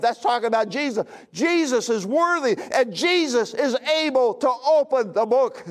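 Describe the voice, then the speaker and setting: Man, pastor, sermon, very high pitch, emphatic, loud-to-hushed swings. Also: expressive, normal speed, few pauses.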